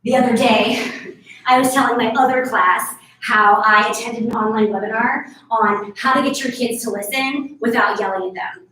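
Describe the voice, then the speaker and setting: A woman's voice: on the high side, steady tone, moderate pace, bright, forceful tone. A woman in her thirties leading a live barre workout class, chatty and encouraging, laughing often. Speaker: fitness instructor. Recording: echoey room, far from mic.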